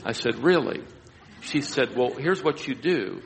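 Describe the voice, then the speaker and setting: A man's voice: medium pitch, expressive, a little slow, creaky, a little hiss or hum. Storytelling man in a reverberant hall. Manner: rambling anecdotal storytelling with self-deprecating humor. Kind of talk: storytelling sermon.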